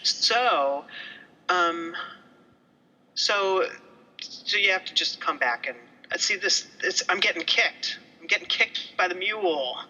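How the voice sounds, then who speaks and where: A woman's voice: fairly low pitch, lively intonation, slow, bright, forceful tone, low-quality recording. A woman co-hosting a podcast in casual, rambling chat, a bit tipsy and swearing casually. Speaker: podcast co-host.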